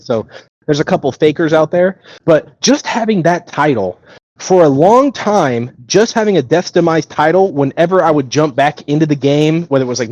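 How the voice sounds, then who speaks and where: A man's voice: a little high, darkish tone, no room sound, dull audio. A man answering questions in a casual livestream AMA, rambling through gaming stories with many restarts. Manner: rambling gamer talk with restarts. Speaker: lead tech engineer.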